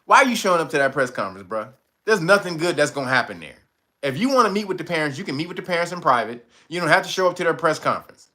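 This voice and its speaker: Male host, casual commentary, lively swooping delivery, bright edge, laughs a lot. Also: a little high, very fast. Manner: animated, laughs often, profane slang.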